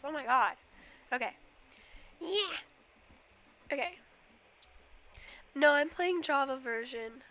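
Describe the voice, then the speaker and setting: A woman's voice: sits high, takes it slowly, pauses often, sharp tone. A young woman, a bit sick, chatting through a casual game stream, rambling and giggly with lots of fillers and apologies. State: slightly sick. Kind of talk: casual Minecraft stream tour.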